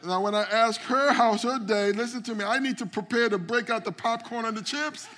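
A man's voice: very high-pitched, fairly quick, sharp tone. A man preaching a sermon as pastor, calling out to the congregation and often repeating words as he starts a phrase. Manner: preaching with call-outs to the congregation. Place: church sanctuary.

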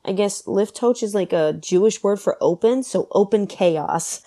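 A woman chats through a film with her co-host and jumps in with quick, excited reactions. Her voice is mellow and warm, set in a middle register. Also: mid-range voice. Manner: reactive, enthusiastic, gushing interjections. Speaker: podcast co-host. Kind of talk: casual film recap chat.

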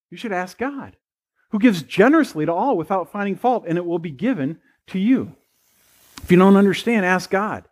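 Casting: male pastor, high-pitched voice, chatty sermon with humorous asides. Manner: conversational preaching with anecdotes and humor. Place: church sanctuary.

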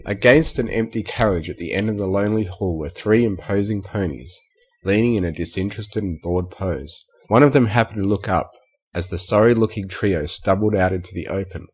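A man reading fan fiction aloud as a narrator in a steady storytelling manner. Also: on the low side, a little fast, breathy edge.

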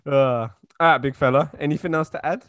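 A young man, co-hosting a podcast in relaxed, joking chat and steering the conversation. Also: fairly high pitch, fairly quick, no room sound, studio quality. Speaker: podcast co-host. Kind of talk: casual chat.

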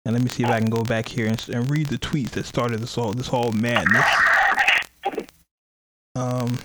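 A man's voice: mid-range voice, fairly even intonation, moderate pace, heavy background noise. A man hosting a podcast in casual chat, rambling and cursing, often laughing as he retells things. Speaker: podcast host.

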